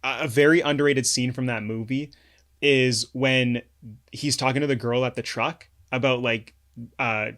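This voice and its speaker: A young man co-hosting a podcast, chatting in a relaxed way with lots of slang and fillers. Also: mid-range voice, normal speed. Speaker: podcast co-host. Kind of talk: casual chat.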